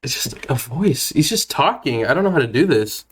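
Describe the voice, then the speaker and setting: A young man in his twenties chats on his game stream at an average pitch for a man. He talks in a nervous, self-deprecating way, stammering through restarts and laughing often. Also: big pitch swings, moderate pace, breathy edge. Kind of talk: casual live-stream chat.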